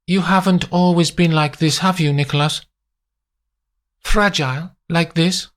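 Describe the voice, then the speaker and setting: A man's voice: fairly high pitch, fairly even intonation, a bit bright, pitched above the performer's own voice. A man putting on a cool, clinical woman agent. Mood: calm. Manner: cool, measured, unemotional. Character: calm, clinical female agent, soothing.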